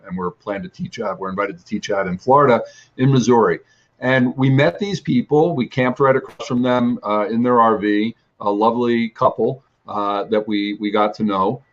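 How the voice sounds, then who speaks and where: A male ministry teacher gives a long personal testimony about his travels, rambling with restarts and fillers as he tells the story. His voice is mid-range, and the audio sounds dull.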